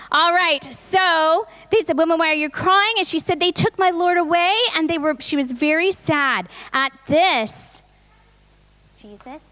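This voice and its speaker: In a high, bright, forceful voice, a woman directs children into position for an Easter reenactment at church. As the presentation leader, she stays upbeat and coaxing.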